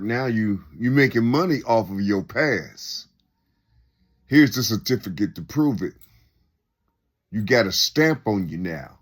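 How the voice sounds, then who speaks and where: With a fairly low, expressive voice, a man muses in a rambling, unscripted way, keeping a measured pace and pausing often. His reflections are loose and conversational, full of rhetorical questions and repetition.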